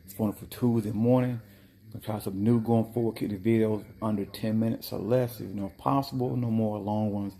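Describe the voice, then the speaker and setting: Small-business owner, male, low mellow voice, lively casual storyteller. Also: fairly quick, vocal fry. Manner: animated, chatty storyteller with bursts of mock outrage. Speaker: dessert cart owner.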